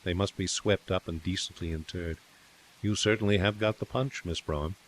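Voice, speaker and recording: A man's voice: sits low, normal speed, slight background noise, lightly acted, rough recording. A man reading a good-humoured young painter who speaks with wry understatement.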